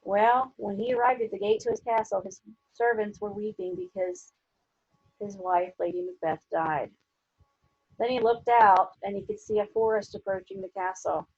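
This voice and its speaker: A woman's voice: mid-range voice, expressive, normal speed, vocal fry, darkish tone, slightly rough, no room sound. A woman teacher retelling a story for her class in a chatty way, full of fillers. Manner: chatty, lots of fillers like 'you know'. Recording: dull lo-fi dry recording.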